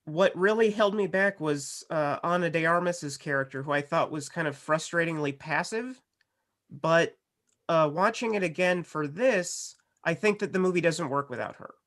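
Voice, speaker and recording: Higher-voiced man musing about movies. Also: moderate pace, a bit bright. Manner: thoughtful and rambling, many restarts and "like" and "uh". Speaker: juror on a film debate podcast. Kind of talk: casual podcast discussion.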